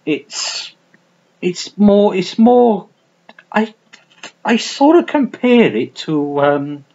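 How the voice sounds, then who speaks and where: In a small, warm room at home, a man talks unscripted to camera about his film collection, rambling, swearing, restarting and making self-mocking asides. His voice is high and gravelly with wide pitch swings and drawn-out words. The recording sounds muffled.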